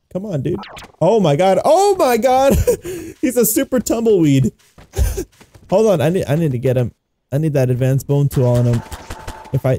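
A man giving casual gameplay commentary, excitable and giggly, with frequent exclamations. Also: fairly high pitch, no room sound. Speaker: gaming YouTuber.

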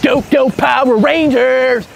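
Loud, excitable young American man. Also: extremely high pitch, slow pace, vocal fry, soft background music. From United States. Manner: loud, excitable, shouting bursts. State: sick with sore throat. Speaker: livestreamer vlogger. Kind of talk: casual street vlog. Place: outdoor city streets. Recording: noisy street background.

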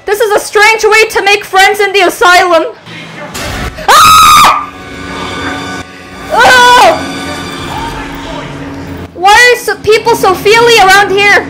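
A woman's voice: very high-pitched, takes it slowly, pauses often. A young woman gamer commenting on a horror game, screaming at scares and jokingly taunting the monsters. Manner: screams and shrieks, jokey taunting of enemies. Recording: voice over loud game music.

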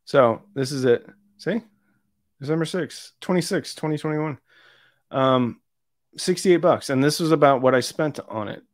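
A man's voice: a little high, normal speed, no echo, studio quality. Easygoing rambling man on a live stream. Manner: rambling, easygoing, self-deprecating. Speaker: audio channel host. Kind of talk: casual live-stream chat.

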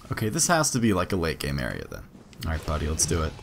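A young man talks through a game in casual let's-play style, his pitch jumping all over as he reacts. He swears and yelps during tense moments. A faint hiss of noise sits under the recording. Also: huge pitch swings, quick pace, gravelly. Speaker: gaming let's-play host. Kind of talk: casual gameplay commentary.

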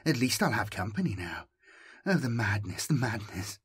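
A sinister, mocking robot voice that purrs and drops into husky half-whispers, as a man puts it on for an audiobook. Low and quiet, with a creeping, unhinged menace. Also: very animated, moderate pace, no echo, studio quality, exaggerated voice. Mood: menacing. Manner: purring, hushed, half-whispered.

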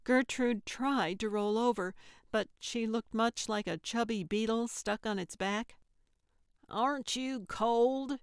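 A woman narrating an audiobook in a measured storytelling manner, on a close studio mic. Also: fairly high pitch, fairly even intonation, smooth, dry recording.

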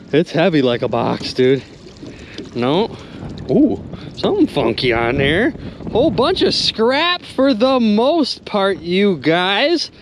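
A man hosting a magnet fishing vlog from a boat on a river, exclaiming excitedly and talking straight to his viewers. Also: high voice, slow pace. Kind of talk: excited outdoor vlog narration. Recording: clear outdoor boat and water noise. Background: boat and water noise.

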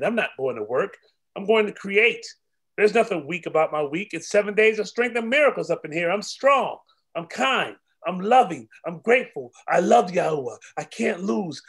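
A man performing a spoken-word poem, chanting emphatic affirmations with big swings in pitch and loudness. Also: husky. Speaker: poet.

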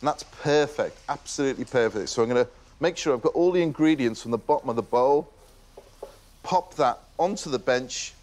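A man's voice: medium pitch, animated, brisk, darkish tone. A man hosting a cooking show, talking casually and enthusiastically as he demonstrates a recipe in a kitchen. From Merseyside, England. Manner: casual and enthusiastic, praising the food.

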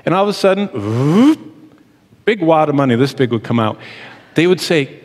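A man's voice: fairly high pitch, animated, moderate pace, a little mellow. Man, middle-aged, bible teacher, earnest and emphatic, long reverb. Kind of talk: teaching sermon.

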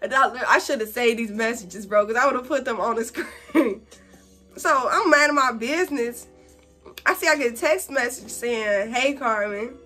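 High, bright-voiced young woman telling a story. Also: moderate pace, faint music behind. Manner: animated, slangy, acts out quotes in a higher voice. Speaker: beauty vlogger. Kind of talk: casual storytime while doing makeup.

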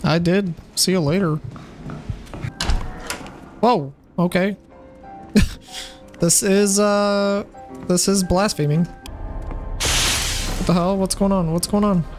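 A man playing a horror game with a friend, loud and excitable, swearing and often shouting. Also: high-pitched, slow pace, pauses often, over music. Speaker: gaming streamer. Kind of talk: casual co-op gaming commentary. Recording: noisy gameplay audio behind.

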